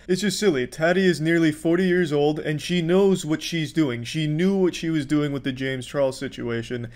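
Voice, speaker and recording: A man's voice: fairly high pitch, moderate pace, hardly any pauses, a little mellow. A man giving profane, sarcastic commentary, exasperated as he mocks what he has watched. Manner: sarcastic, exasperated, swears freely. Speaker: commentary youtuber.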